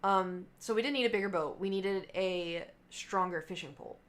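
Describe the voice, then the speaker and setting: A woman's voice: mid-range voice, moderate pace. A young adult woman livestreamer in casual chat with her viewers, telling a rambling story full of fillers and asides.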